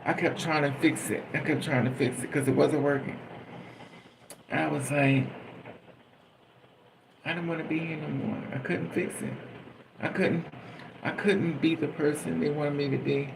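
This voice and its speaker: A man's voice: on the high side, steady tone, moderate pace, gravelly, pauses often, noisy background. A man talking in a raw, profane personal monologue, venting bluntly and emotionally as a vlogger.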